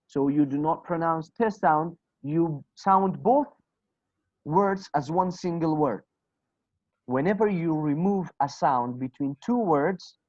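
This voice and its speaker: A man's voice: on the high side, a little mellow, dry recording. A man whose first language is Kurdish, teaching English in an online class, drilling words aloud and asking and answering his own questions. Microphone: video call. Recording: dull lo-fi call audio, dry.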